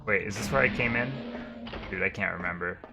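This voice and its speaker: Gravelly man casually commentating a game. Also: low voice, brisk, over music. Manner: casual, swearing, joking. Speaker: game streamer. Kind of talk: let's-play commentary.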